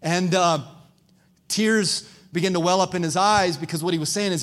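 A man's voice: high voice, moderate pace. A man preaching a sermon as pastor, telling stories with energy and calling out to the congregation. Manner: preaching with crowd call-outs; animated storytelling.

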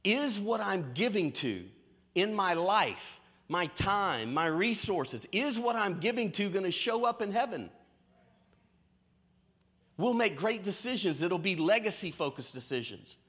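A man preaching a sermon in a lively storytelling way, with folksy Southern phrasing. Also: sits high, unhurried. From American South. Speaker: pastor. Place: church stage.

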